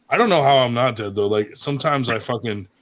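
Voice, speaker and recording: A man's voice: medium pitch, a little hiss or hum. A married man telling wild stories in casual chat on a show, swearing often and laughing at his own tales. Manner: crude, profane, laughing storyteller. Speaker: show regular.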